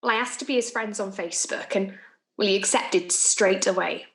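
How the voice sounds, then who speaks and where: An actress with a medium-pitched voice performs a theatrical monologue at a normal pace, lightly acted, as a lovestruck young office woman. Confiding and chatty, she giggles through asides as she makes her confession in an echoey room.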